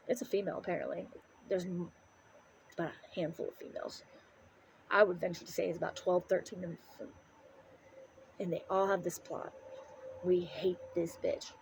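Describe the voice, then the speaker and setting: A woman's voice: on the low side, gravelly, slight background noise, low-quality recording. A middle-aged woman ranting to the camera in an angry, profane, preaching way. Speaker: vlogger.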